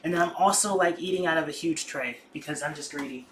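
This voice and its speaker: A young adult livestream host who chats casually and excitably while cooking in a home kitchen. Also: medium pitch, quick pace, very noisy. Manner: excitable, chatty, slangy.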